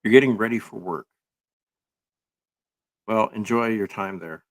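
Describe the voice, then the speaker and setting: A man's voice: lowish voice, a little slow. A man giving casual, rambling commentary full of sarcastic jokes and filler words.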